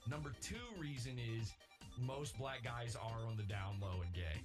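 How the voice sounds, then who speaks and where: A man chatting on a podcast in a confident, lecturing way, laying out his points deliberately. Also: mid-range voice, animated, over music. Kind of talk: casual podcast chat.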